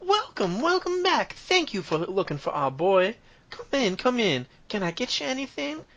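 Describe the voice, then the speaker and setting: A man putting on a shrill, fussy mother who can't stop talking. Her voice jumps way up high and swings wildly. She hovers between nagging and doting. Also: sing-song, a bit bright, lo-fi sound, exaggerated voice. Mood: fussy welcoming. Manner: high-pitched, fussy, rapid hospitality. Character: flustered scolding mother, loud and fussy.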